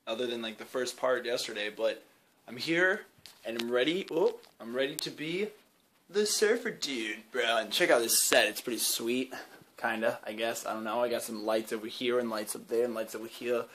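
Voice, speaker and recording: Young guy rambling excitedly. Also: medium pitch, normal speed, slight background noise. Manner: rambling and excited, lots of fillers. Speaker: YouTube creator. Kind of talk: casual behind-the-scenes vlog. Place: indoor home video set with lights.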